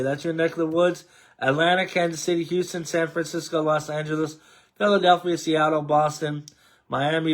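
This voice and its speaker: An American man hosting a casual sports chat, rambling and addressing his co-host with many fillers. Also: on the high side. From United States. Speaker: podcast host.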